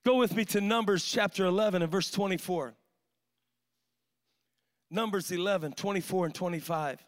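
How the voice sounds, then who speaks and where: A man's voice: sits high, moderate pace. A male pastor, preaching a sermon in an impassioned, storytelling way with lots of "man" fillers.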